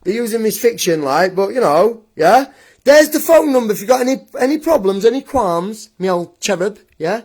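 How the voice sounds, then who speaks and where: A young man with a high-pitched voice, ranting on a livestream. He taunts and mocks his critic in a combative, scornful tone, breaking into laughter as he goes. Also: lively intonation, moderate pace, darkish tone. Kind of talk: angry livestream rant.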